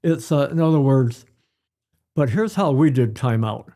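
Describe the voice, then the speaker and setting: An older man, a pediatrician guest, telling stories in an unhurried way and repeating his key phrases during an interview. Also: mid-range voice, lively intonation, mellow. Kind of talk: conversational interview.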